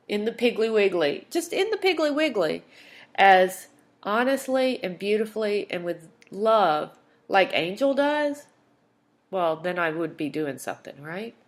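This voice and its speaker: Woman podcast host with a mid-pitched voice, candid and emotional, rambling personal monologue. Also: expressive, measured pace. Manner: candid, emotional, chatty with fillers and asides.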